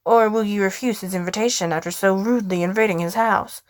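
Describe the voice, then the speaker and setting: A woman voicing a fastidious, no-nonsense male butler who speaks briskly and formally. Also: medium pitch, dry recording, clean studio sound, natural voice. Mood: stern.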